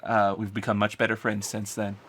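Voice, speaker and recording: A man's voice: fairly low pitch, brisk, heavy background noise. A man chatting and teasing his friend as they play a video game together. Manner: lively, teasing banter. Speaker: co-commentator. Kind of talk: casual gaming commentary.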